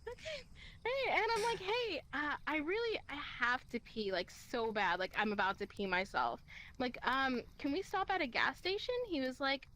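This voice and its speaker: Young girl, high voice, telling a story, doing all the voices, swears a lot. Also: moderate pace, low-quality recording. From Kentucky, USA. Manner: animated, acts out quoted lines, laughs often, swears. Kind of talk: casual storytelling.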